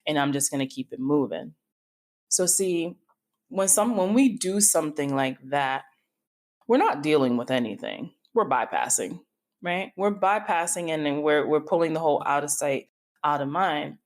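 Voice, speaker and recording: Low-voiced chatty woman podcast host. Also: lively intonation, normal speed, darkish tone. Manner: chatty, informal, wanders into tangents. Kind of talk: candid storytelling monologue.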